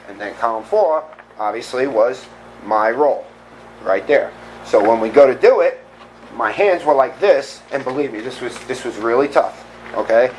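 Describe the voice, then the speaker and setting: A middle-aged man giving a candid, animated personal recovery talk, often laughing at himself. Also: mid-range voice, moderate pace, a little hiss or hum, rough recording. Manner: candid, animated storytelling with self-deprecating laughs. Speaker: recovery meeting speaker.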